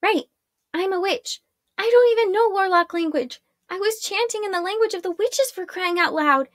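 A woman voicing a feisty young witch girl in a high, bright, indignant voice for a storybook read-aloud. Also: moderate pace, dry recording, clean studio sound.

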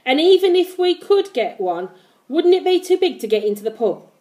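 Scolding, sarcastic landlady, read by a woman for a storybook; a little higher and louder than her own voice. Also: big pitch swings, normal speed. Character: large, sarcastic cigar-smoking landlady.

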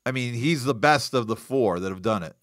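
This boxing news host talks a little fast at medium pitch, chatting loosely and joking while fielding viewer comments. He stays animated as the live chat rolls in. The studio recording is dry.

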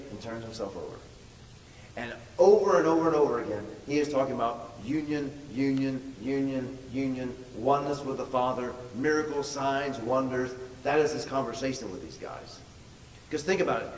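A male pastor telling a story in a sermon, stressing words by repeating them. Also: medium pitch. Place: large church hall. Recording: echoey hall from far off, faint noise.

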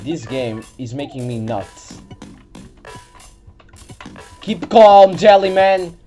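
A woman's voice: deep voice, expressive, slow, warm tone. A woman hosting a gaming video, giving let's-play commentary as she exasperatedly scolds her character and swears, close to a desk mic. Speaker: gaming channel host. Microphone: desk mic near keyboard. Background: faint game music.

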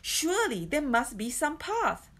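A frightened man stuck in a marsh , put on by a woman reading aloud. He calls out in a raised, pleading voice that climbs well above her own. His pitch wavers widely with worry. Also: big pitch swings, measured pace, fairly bright tone, full character voice. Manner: anxious, pleading. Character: frightened scornful male traveller.

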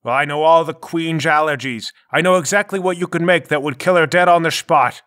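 Bright-voiced guy blustering in character at a tabletop game, dry close sound. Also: fairly high pitch, a little fast, no echo. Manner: brash, blustering, jokey. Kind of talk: in-character tabletop role-play.

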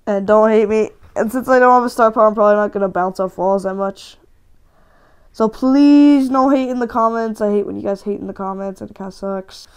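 A woman hosts a gaming channel, giving excitable live commentary as she plays and often ranting and shouting in frustration. Her mid-range voice is smooth and runs a little fast.

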